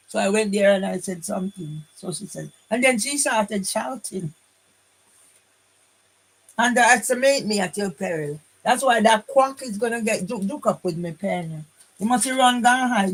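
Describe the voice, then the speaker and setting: A woman's voice: medium pitch, moderate pace, breathy edge, poor audio. Older woman, combative rambling vlog. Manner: combative, repeats tag question "yeah?"; rambling, restarts lines. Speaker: vlogger. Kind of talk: casual monologue to camera.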